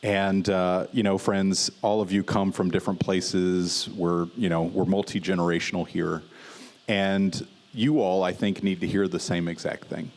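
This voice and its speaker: A man with a fairly low voice preaches a sermon at a church service. His delivery is conversational and easygoing, with casual fillers and light humor as he teaches. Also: steady tone, a little slow. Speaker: pastor.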